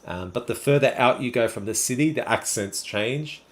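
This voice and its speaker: Relaxed and chatty, a male livestream host with a Sydney Australian accent replies to each chat message in turn. He's in his twenties or thirties and talks at a normal speed with a medium pitch.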